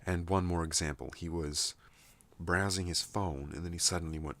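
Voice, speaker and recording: A man hosting a soft-spoken ASMR channel, rambling at home in a soothing, unhurried monologue. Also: low-pitched, steady tone. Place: at home in a trailer.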